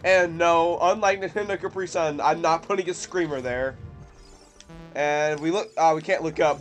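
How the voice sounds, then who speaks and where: A young man giving casual commentary while playing a video game. He jokes, rambles with fillers, and breaks into loud yelps and screams at scares. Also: a little high, fairly even intonation, unhurried, long pauses, soft background music. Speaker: let's play commentator. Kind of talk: gameplay commentary.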